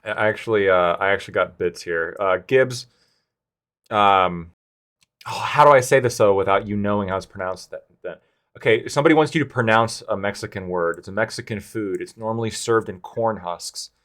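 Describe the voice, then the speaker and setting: A man's voice: lowish voice, normal speed, fairly bright tone. A man acting as lawyer in a mock trial, chatting casually on a live stream and rambling as he questions himself, sometimes swearing. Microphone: video call.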